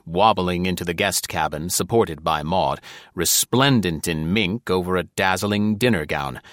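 A man narrating a first-person novel in an audiobook, with an even, measured, dry delivery. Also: low voice, no echo.

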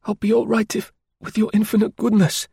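A man puts on a high, breathy voice for a frail young woman, hurt and pleading in a faint murmur. The sound is dry and close. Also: monotone, brisk, mellow, no room sound, heavily acted. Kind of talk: audiobook character voice.

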